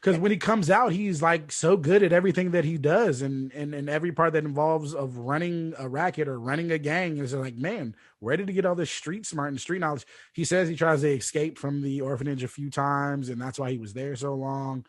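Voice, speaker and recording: A man hosting a film podcast in casual chat, halting and self-deprecating. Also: fairly high pitch, fairly even intonation, dry recording, studio quality. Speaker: podcast host.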